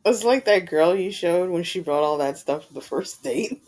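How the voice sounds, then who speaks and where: A woman's voice: fairly low pitch, expressive, a little mellow. A woman co-hosting a casual podcast chat, teasing her partner and laughing often. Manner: teasing, giggly, quick to laugh. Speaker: podcast co-host.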